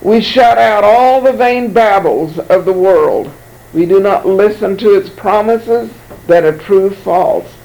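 A man's voice: high voice, takes it slowly, creaky, a little mellow, rough recording. A man preaching a sermon, reading Bible verses aloud and commenting on them, often repeating words as he goes.

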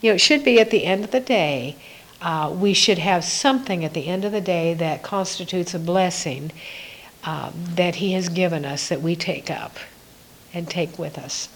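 A woman giving a reflective devotional Bible teaching, musing aloud with soft laughs. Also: on the low side, moderate pace, a little hiss or hum, low-quality recording.

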